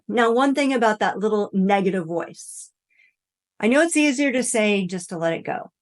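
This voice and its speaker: Encouraging woman giving a self-help talk. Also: a little high. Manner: gentle, encouraging, addresses listener directly; drops soft and quiet for affirmations. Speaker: wellness coach.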